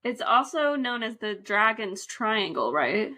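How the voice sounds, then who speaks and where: A woman's voice: a little high, very animated, a little slow, pushed and bright. A woman co-hosting a podcast in casual chat, easygoing, asking questions and laughing along. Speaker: podcast co-host.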